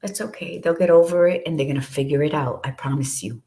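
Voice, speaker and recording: A middle-aged woman with a low voice talks with passionate, unfiltered conviction as she co-hosts her show. She swears freely and speaks from the heart in a casual, motivational way. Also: quick pace, warm tone. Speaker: podcast co-host.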